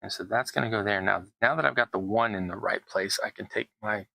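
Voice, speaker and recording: A man's voice: lowish voice, a little fast, creaky, pushed and bright, poor audio. A middle-aged man, chatting casually as he builds tabletop terrain, rambling and poking fun at himself. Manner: chatty, self-deprecating, rambling asides. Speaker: terrain crafting YouTuber. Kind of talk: casual crafting narration.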